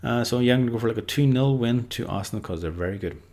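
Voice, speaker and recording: A man's voice: medium pitch, fast talker, darkish tone. A man giving casual, unscripted football predictions, rambling loosely and leaning on lots of filler words. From Ireland.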